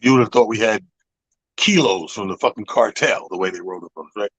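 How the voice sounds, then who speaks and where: A man co-hosting a radio talk show, telling a profane, animated story in casual chat. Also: on the low side, fairly quick, breathy edge, no room sound, poor audio. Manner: animated, profane, acts out other people's voices. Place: radio studio. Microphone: studio microphone.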